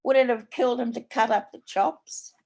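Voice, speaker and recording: A woman's voice: on the high side, fairly even intonation, normal speed, gravelly, darkish tone. Woman reading a crude, plain-spoken older Australian mother; broad, swearing, sugary when asking. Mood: indignant.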